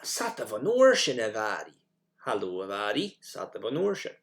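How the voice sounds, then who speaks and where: A gravelly-voiced man teaches a recorded language lesson at a moderate pace, his lively pitch swinging up and down over a slight hiss or hum. He explains every step plainly and repeats example phrases so learners can copy them, with some fillers and restarts.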